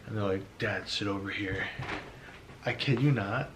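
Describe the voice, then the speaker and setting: Lowish young man telling a lively story. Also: moderate pace, background noise. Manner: animated, acts out quotes, says like a lot. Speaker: vlogger, partner telling his side. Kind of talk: casual storytelling. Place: home at night.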